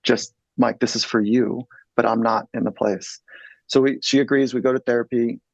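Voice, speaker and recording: A man in his fifties speaks as a psychologist guest, earnest and blunt, and he swears freely. His voice is gravelly at a middle pitch. The recording is dry and slightly dull. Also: steady tone, moderate pace, no echo. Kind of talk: candid personal storytelling.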